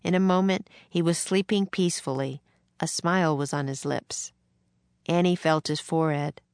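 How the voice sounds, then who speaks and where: A woman reading a children's book aloud in a gentle, measured way. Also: sits low, smooth, no echo, studio quality. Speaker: narrator.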